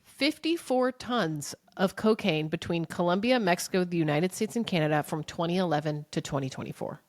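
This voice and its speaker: A young adult woman co-hosting a podcast, telling a story in an animated, chatty way. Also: lowish voice, a little fast, no room sound. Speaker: podcast co-host. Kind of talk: casual chat.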